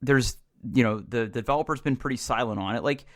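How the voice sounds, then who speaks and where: A man's voice: mid-range voice, fairly quick. A man co-hosting a podcast in casual chat, rambling and frustrated, with many restarts. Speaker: podcast co-host.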